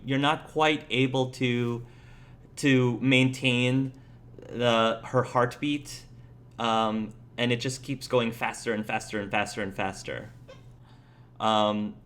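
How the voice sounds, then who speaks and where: A man's voice: medium pitch, a bit bright. Young male game master, casual narration, mid-range voice. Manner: casual, filler-heavy narration.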